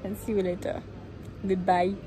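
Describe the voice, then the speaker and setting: A woman's voice: mid-range voice, flat delivery, moderate pace, noisy background. A young woman chatting casually to her phone camera while travelling, rambling and laughing at herself, worn out from a long journey. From Ireland. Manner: chatty, rambling, self-mocking. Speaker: vlogger. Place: airport room and plane cabin.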